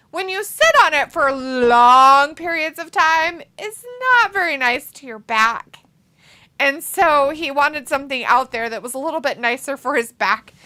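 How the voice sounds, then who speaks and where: A woman hosting a livestream in casual chat, animated and cursing freely, often laughing. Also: sits high. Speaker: stream host.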